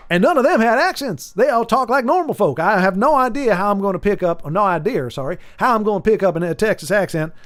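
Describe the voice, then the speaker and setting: A man in his forties rambling in casual livestream chat, animated and jokey, often restarting sentences. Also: high-pitched. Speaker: streamer.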